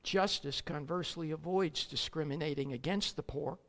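A preacher with a medium-pitched voice gives an emphatic sermon at normal speed in a big-room acoustic. Loud declamation alternates with quiet asides, along with sarcastic digs and rhetorical questions.

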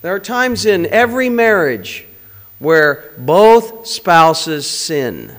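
A man's voice: fairly high pitch, very animated, slow pace, fairly bright tone, long reverb tail. A man preaching a conversational sermon, full of rhetorical questions and direct appeals to the congregation.

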